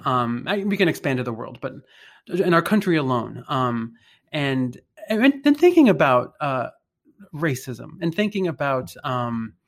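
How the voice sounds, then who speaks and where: A man reflecting on faith and identity in conversation, thinking aloud with pauses and restarts. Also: medium pitch, sing-song. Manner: thoughtful, hesitant, many fillers and restarts.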